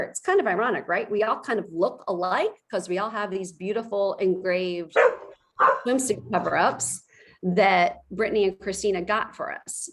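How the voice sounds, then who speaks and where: A woman in her forties giving a motivational training talk to her sales team, passionate and fiery in how she speaks. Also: fairly high pitch. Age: 40s. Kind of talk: motivational presentation.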